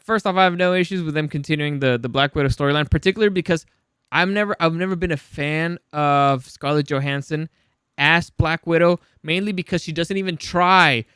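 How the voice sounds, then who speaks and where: A man's voice: fairly high pitch, fairly quick, pushed and bright, clear, resonant tone, no room sound. Blunt, swearing man in casual commentary. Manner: blunt and opinionated, swears, frequent restarts. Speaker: news commentary host. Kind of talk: casual pop-culture commentary.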